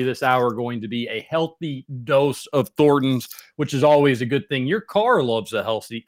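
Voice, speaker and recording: Young male radio co-host, casual studio banter, medium pitch. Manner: chatty, reads ad copy with upbeat emphasis. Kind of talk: casual sports radio chat. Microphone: studio microphone.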